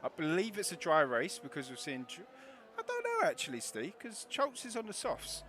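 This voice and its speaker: A man's voice: high voice, huge pitch swings, moderate pace, a bit bright. A man commentating casually on a sim race stream, laughing often and reading out chat messages. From Scotland.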